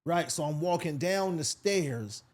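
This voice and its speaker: A male comedian from Sacramento spins a long story in a relaxed podcast chat. His voice sits a bit high for a man, and he jumps into other people's voices as he tells it. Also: a little slow. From Sacramento, California. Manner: animated, acts out voices in his stories. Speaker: comedian guest.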